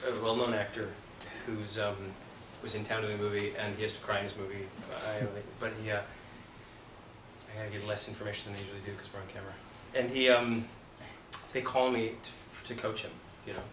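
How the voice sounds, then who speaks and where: Acting coach, man, animated and profane storyteller, recorded off-mic in an echoey studio with room noise. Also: on the low side, a little fast. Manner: animated storyteller, swears, acts out scenes. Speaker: acting teacher. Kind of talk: talk to an acting class. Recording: roomy, distant, noisy room recording.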